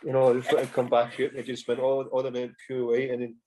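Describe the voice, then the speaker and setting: A man's voice: medium pitch, monotone, quick pace, dark tone, a little hiss or hum. Scottish man telling rambling anecdotes. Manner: rambling anecdotes with frequent "you know" and swearing. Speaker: podcast guest, former footballer. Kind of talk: casual storytelling chat.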